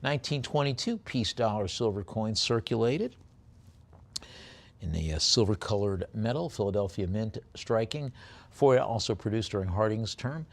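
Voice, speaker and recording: A man running a live auction, his voice rough with gravel. He rattles off bids fast and drifts into chatty remarks about the lots. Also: lowish voice, lively intonation. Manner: rapid bid calling with chatty asides.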